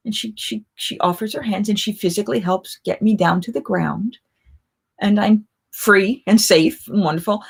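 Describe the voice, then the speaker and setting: A woman's voice: fairly low pitch, moderate pace, slightly rough. A middle-aged woman hosting a casual live chat, telling stories in a rambling, chatty way with many restarts. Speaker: live chat host, festival performer.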